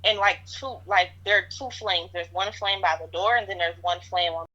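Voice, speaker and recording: Woman rambling through her story, lots of likes and ums, bright voice, muffled lo-fi sound. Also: fairly low pitch, normal speed. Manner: rambling with many fillers. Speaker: interviewee recounting events. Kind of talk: casual retelling in an interview. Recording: dull lo-fi audio.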